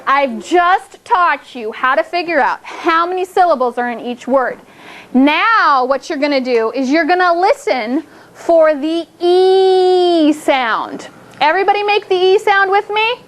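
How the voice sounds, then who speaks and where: A woman teaching a phonics lesson to second graders, drawing words out slowly and praising the class often. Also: very high-pitched, lively intonation, fairly bright tone. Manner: slow, drawn-out words for children, upbeat praise.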